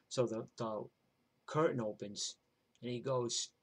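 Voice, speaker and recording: A man's voice: mid-range voice, fairly even intonation, fairly quick, creaky, slightly rough. An older man with a New York accent telling a rambling, profane story from his own life in a streetwise way. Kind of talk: live personal storytelling.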